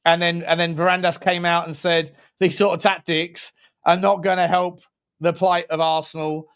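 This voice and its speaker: A man co-hosting a football talk livestream, chatty and upbeat, with blunt opinions and quick shout-outs to viewers. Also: a little high, flat delivery, clean tone. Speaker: co-host.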